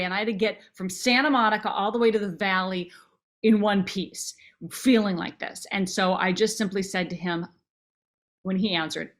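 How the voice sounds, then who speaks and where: A woman's voice: mid-range voice, fairly even intonation, normal speed. A woman in her forties telling her own story as a podcast guest, earnest and emotional, often restarting her phrases. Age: 40s. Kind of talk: personal storytelling in a podcast interview.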